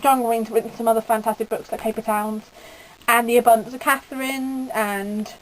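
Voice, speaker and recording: A woman's voice: fairly high pitch, flat delivery, moderate pace, slight background noise, low-quality recording. A teenage girl from the UK giving a rambling, gushing casual book review with lots of fillers. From United Kingdom. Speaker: book vlogger.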